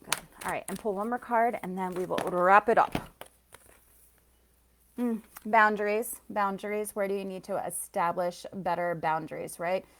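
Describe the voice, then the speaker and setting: A woman's voice: medium pitch, steady tone, moderate pace, fairly bright tone, slight background noise. A woman giving a live intuitive card reading to viewers, chatty and effusive, often laughing and gushing as she greets them by name. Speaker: spiritual reader and soul coach.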